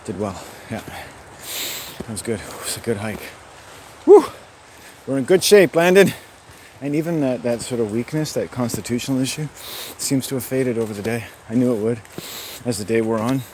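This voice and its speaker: A man rambling to himself in a solo vlog while out hiking, musing and swinging between quiet and loud. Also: mid-range voice, a little fast, a little hiss or hum. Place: outdoors on a hiking trail.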